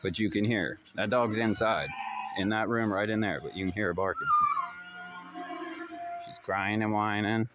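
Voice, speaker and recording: A man's voice: on the low side, moderate pace, pauses often, noisy background. A man casually telling a story to the camera, rambling and repeating himself in loose, slangy talk. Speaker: vlogger. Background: dogs barking and distant fireworks.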